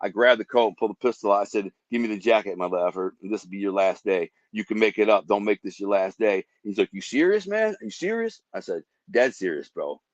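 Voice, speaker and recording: A man telling dramatic life stories in an animated way, acting out gunshots with sound effects. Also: lowish voice, fast talker, hardly any pauses, no echo, lo-fi sound. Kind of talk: animated storytelling.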